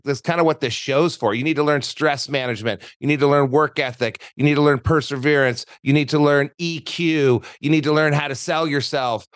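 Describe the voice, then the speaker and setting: A man's voice: a little high, dry recording, clean studio sound. A middle-aged man hosting a podcast, talking in a playful, teasing, rambling way. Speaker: podcast host. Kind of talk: casual interview chat.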